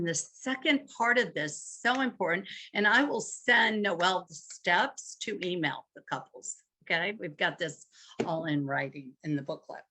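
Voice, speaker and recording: Slow-paced woman coaching couples. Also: medium pitch, sharp tone. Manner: guides couples step by step, acts out example phrases. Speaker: marriage workshop leader. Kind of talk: live coaching session.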